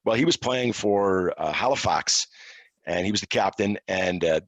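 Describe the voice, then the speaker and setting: A middle-aged man from Quebec, a podcast guest telling casual, self-deprecating stories in a relaxed way. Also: low voice, moderate pace, dry recording. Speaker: interview guest, hockey officiating analyst. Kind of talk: casual storytelling.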